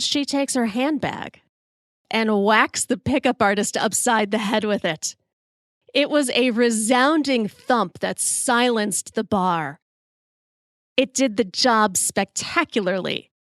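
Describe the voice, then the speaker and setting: A woman in her forties hosting a solo storytelling podcast, wry, expressive and self-deprecating. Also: a little high, no room sound, clean studio sound. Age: 40s. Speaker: podcast host.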